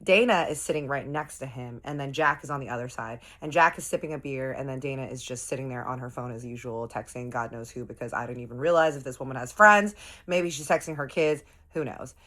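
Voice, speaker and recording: A woman's voice: rumbling low, fairly quick, a bit bright. A woman narrating a dramatic, gossipy storytime in a casual, swearing manner.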